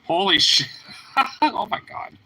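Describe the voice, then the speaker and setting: A man's voice: high voice, big pitch swings, slow, pushed and bright, husky, rough recording. A young man talking casually to his dog, teasing it, laughing often and swearing freely. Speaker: vlogger.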